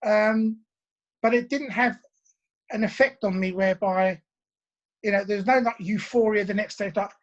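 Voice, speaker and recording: A man's voice: sits high, normal speed, dull audio. A British man in his sixties telling a rambling, self-deprecating story as an interview guest over a video call. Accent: British English. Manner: chatty, rambling, self-deprecating, acts out his own thoughts. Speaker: interview guest, former band drummer. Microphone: phone on a video call.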